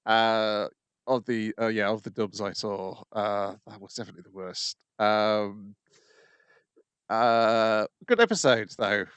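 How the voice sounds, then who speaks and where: A man's voice: lowish voice, steady tone, unhurried, a bit bright, clear, resonant tone, no echo. A man co-hosting an anime podcast in casual chat, giving blunt opinions with plenty of ums. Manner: blunt, frank opinions with fillers. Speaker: podcast co-host.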